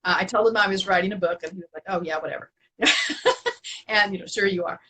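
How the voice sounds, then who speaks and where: A middle-aged woman telling stories as an interview guest, animated and laughing often, with many restarts. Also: medium pitch, quick pace, rough recording. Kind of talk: casual storytelling in an interview.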